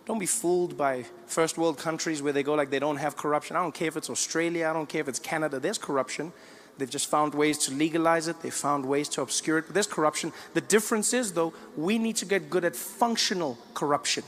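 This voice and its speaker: A male stand-up comedian with a South African accent speaks to a crowd. His voice is a touch high and very emphatic. It swells into loud outbursts. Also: brisk, slight background noise.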